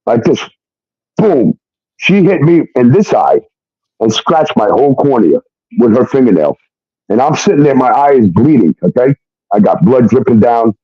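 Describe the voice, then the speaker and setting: A man telling a personal story in an animated way, often asking "okay?" as he goes. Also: mid-range voice, dry recording, dull audio. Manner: animated, keeps adding "okay?". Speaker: recording artist telling his story. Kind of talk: casual storytelling monologue.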